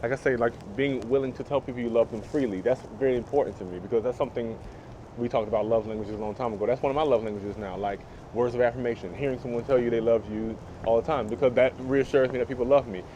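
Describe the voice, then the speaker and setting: A man's voice: medium pitch, steady tone, fast, dark tone, highs cut off, slight background noise. A young man thanking his mother sincerely in a rambling, filler-heavy way. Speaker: host speaking to his mother. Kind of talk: heartfelt conversation.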